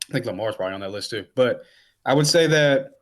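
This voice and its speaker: A man's voice: mid-range voice, animated, fast. A man co-hosting a sports podcast who talks in casual chat, rambling with lots of "like"s and "um"s. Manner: rambling, many "like"s and fillers. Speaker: podcast co-host.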